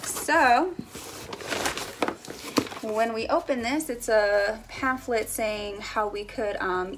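A woman's voice: fairly high pitch, background noise. A young woman chatting casually as she unboxes baby samples for a family vlog, giggling now and then. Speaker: family vlogger.

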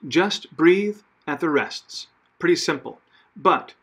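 Patient choir director explaining to singers. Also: male voice, on the high side, husky. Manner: plain, patient explaining with frequent fillers and self-corrections. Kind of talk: conducting rehearsal instructions.

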